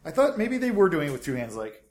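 A man's voice: fairly high pitch, big pitch swings, fast talker, very noisy. A man co-hosting a casual science podcast, joking loosely and trailing off mid-sentence. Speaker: podcast co-host. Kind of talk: casual chat.

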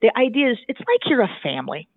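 A man from Southern California, a guest telling stories in a chatty, animated way with frequent restarts. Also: very high-pitched, quick pace, husky, no room sound. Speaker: guest, divinity student. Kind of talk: casual conversation. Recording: thin phone-like dry line.

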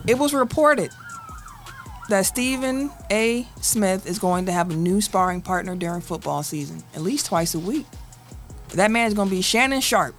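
A man's voice: high voice, normal speed, fairly bright tone, faint music behind. A man hosting a casual sports podcast, laid-back as he moves through the topics. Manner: laid-back, wraps up segments. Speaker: podcast host.

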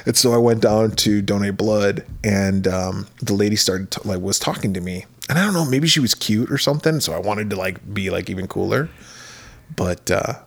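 A man's voice: fairly low pitch, normal speed, creaky. A man co-hosting a film podcast in casual chat, telling a story with frequent swearing and laughter. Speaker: podcast co-host.

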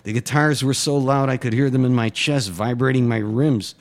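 A man, a writer, reading his own first-person short story aloud in a steady, matter-of-fact way. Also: mid-range voice, moderate pace.

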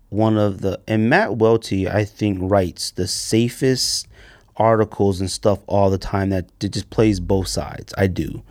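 A man hosting a casual sneaker podcast, ranting with sarcasm and sudden high-pitched bursts of emphasis. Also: a little mellow, no room sound, studio quality. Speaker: podcast host.

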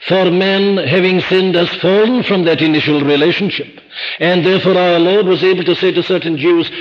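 A man preaching a sermon, emphatic and rhetorical, slowing down to stress key words. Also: high voice, long reverb tail. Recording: dull lo-fi archive recording.

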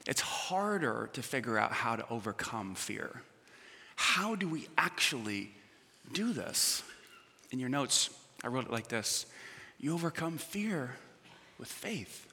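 A male pastor preaching a sermon, swinging from shouts to hushed near-whispers and calling on the congregation to answer back. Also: mid-range voice, very animated, slow. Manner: asks the congregation questions and calls for responses. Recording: long reverb of a big hall.

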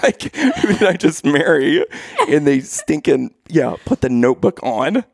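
Animated man telling a self-mocking story. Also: fairly high pitch, unhurried, creaky, no room sound, clean studio sound. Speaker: guest. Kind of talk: casual chat.

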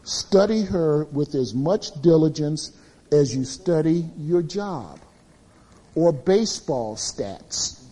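A middle-aged man preaching a sermon to men, telling confessional stories in an animated way. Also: a little high, takes it slowly, breathy edge.

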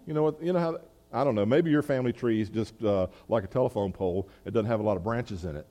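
A man's voice: lowish voice, fast, warm tone, big-room sound. A man preaching a sermon as pastor, talking in a conversational way with asides and restarts.

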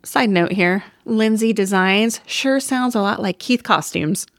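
A woman's voice: mid-range voice, unhurried, no room sound. A woman co-hosting a casual movie review podcast, dry and teasing. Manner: wry, teasing. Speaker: podcast co-host.

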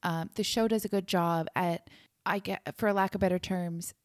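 A woman's voice: fairly low pitch, steady tone, normal speed, a little mellow, dry recording, studio quality. A woman co-hosting a podcast in casual true-crime chat, asking questions and giving firm opinions. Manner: inquisitive, opinionated, reacts with exclamations. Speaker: podcast co-host.

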